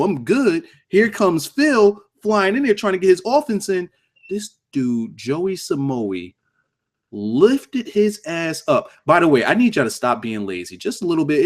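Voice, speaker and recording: Profane, animated man hosting a stream. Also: a little high. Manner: animated, profane, laughing, joking with chat. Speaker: wrestling livestream host. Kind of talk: casual livestream show review.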